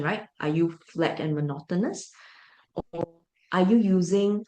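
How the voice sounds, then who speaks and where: A woman's voice: medium pitch, roomy sound. A woman giving a parent briefing as a teacher, emphatic and full of rhetorical check-ins.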